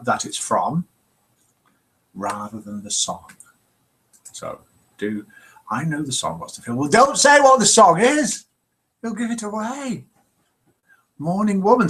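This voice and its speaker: A man hosting a live show, playfully reading viewer comments aloud and chuckling. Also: medium pitch.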